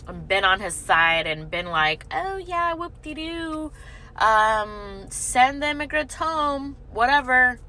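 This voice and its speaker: Woman, slow speech, bright tense voice, blunt, profane. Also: lowish voice, low-quality recording. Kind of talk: casual opinion monologue.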